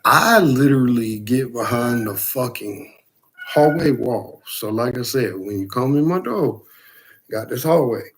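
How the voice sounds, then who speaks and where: A man casually telling a profane, animated story about a frightening night. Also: mid-range voice, measured pace, a little hiss or hum.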